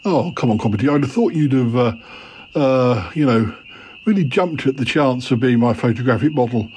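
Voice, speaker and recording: A flirtatious yeti uncle, voiced by a man, who stumbles over his fillers in a comedy audio drama. His voice keeps sliding down low. A faint hum sits behind him. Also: animated, moderate pace, warm tone, natural voice. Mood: wheedling. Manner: hesitant, full of "uh" and "you know". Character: leering yeti uncle, male, bumbling and flirtatious.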